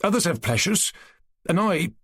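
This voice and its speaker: Give me a man doing an ardent young Cossack suitor, lively and pleading. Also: high-pitched, normal speed, slightly rough, voice pushed up, heavily acted. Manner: pleading, earnest.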